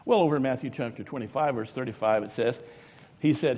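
A man preaching a sermon, swinging from loud exclamations to low murmurs and asking the congregation rhetorical questions. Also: fast talker, husky, highs cut off. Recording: long hall reverb.

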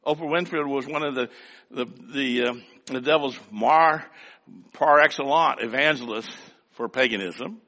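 A man's voice: mid-range voice, normal speed, bright, forceful tone, big-room sound, highs cut off. An older man preaching a sermon in a folksy, rhythmic way, with lots of repetition. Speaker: pastor.

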